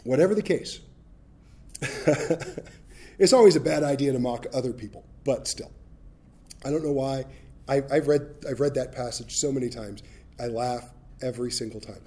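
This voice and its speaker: Mellow-voiced pastor preaching with humor. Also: male voice, medium pitch, moderate pace, long pauses. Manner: humorous, animated storytelling with acted-out voices. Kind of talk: sermon.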